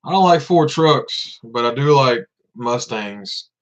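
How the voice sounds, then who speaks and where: A man with a Southern drawl chats easily to his viewers, laid-back, laughing now and then and circling back over his words. His voice sits at an ordinary middle pitch. The recording is a bit dull and lo-fi. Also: animated, slow. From Tennessee, US. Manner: laid-back, laughs often, repeats himself. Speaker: vlogger. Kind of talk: casual livestream chat. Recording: dull lo-fi sound.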